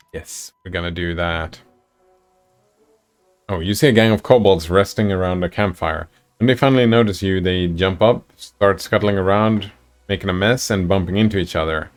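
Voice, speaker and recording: A man with a fairly low voice reads a fantasy text adventure aloud on his stream. He moves easily between the story's narration and relaxed chat with the viewers in the chat. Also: moderate pace, soft background music.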